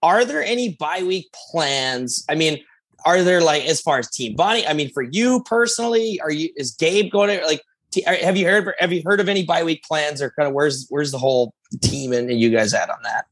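A man hosting a casual sports podcast, asking questions in a halting way and restarting them often. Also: a little high, a bit bright. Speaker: podcast host.

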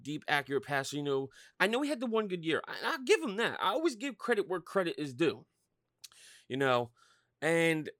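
A man's voice: on the high side, fairly bright tone, no room sound, studio quality. A man from Pennsylvania hosting a solo podcast, ranting heatedly and swearing constantly. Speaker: podcast host.

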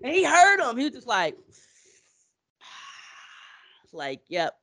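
Animated, profane woman retelling scenes. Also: on the high side, slow. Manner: animated storytelling, acting out quotes, profane, laughing often. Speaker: podcast co-host. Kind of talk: casual chat.

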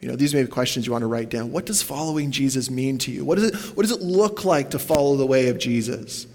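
Conversational pastor in an echoey church. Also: male voice, medium pitch, fast, a little mellow. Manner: conversational, asks the congregation questions, goes off on tangents. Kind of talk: sermon.

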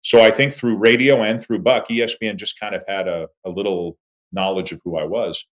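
A man in his fifties, a sportscaster, telling stories about his career as an animated interview guest. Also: a little fast. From Toronto, Canada. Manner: animated storyteller, lively swings in pitch and volume. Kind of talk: conversational interview storytelling.

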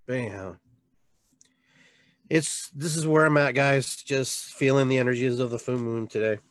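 A man hosting a live show as a shaman, talking in a heartfelt, rambling way with many restarts, jumping from loud bursts down to quiet trailing words. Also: medium pitch, normal speed, no echo. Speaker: podcast host and shaman. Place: local area with a reservoir, addressing live viewers.

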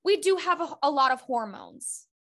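A woman's voice: high-pitched, animated, moderate pace, a bit bright. A woman hosting a podcast, chatting casually, encouraging her guest and offering advice. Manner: encouraging, affirming, gives advice. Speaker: podcast host. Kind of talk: casual supportive chat.

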